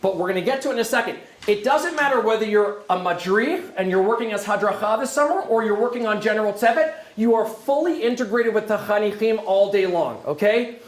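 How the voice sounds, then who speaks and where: A man giving an energetic, joking presentation to a room of prospective camp staff, often turning to the audience with questions. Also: high voice, fairly quick, few pauses. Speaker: camp director recruiting staff. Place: lecture room. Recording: roomy hall echo.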